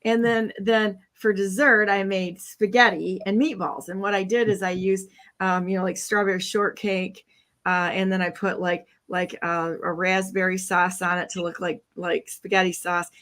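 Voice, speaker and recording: Animated middle-aged woman telling stories. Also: mid-range voice, moderate pace. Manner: animated, laughing storyteller, lots of "okay?" and "right?". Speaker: co-host. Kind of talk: casual storytelling.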